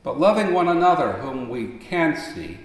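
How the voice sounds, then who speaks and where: A man preaching a sermon, telling stories, then rising into emphatic appeals before dropping back to a soft voice. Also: fairly high pitch, very animated, normal speed. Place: large church sanctuary. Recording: long echo of a large church hall.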